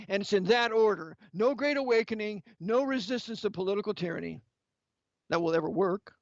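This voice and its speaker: A man's voice: high-pitched, no echo. A man delivering an impassioned sermon-style lecture, angry and emphatic, firing rhetorical questions at the listener. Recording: dull, lo-fi, dry sound.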